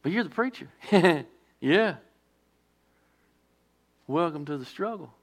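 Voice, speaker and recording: A male pastor delivers a sermon in a gravelly, somewhat high voice. He presses key words hard, then drops into quieter, slower asides. He often asks his listeners rhetorical questions. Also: expressive.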